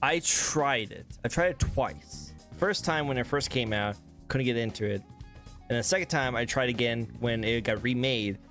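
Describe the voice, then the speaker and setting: A man hosting a casual interview chat, excitable and rambling, laughing often. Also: mid-range voice, moderate pace, faint music behind. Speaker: host.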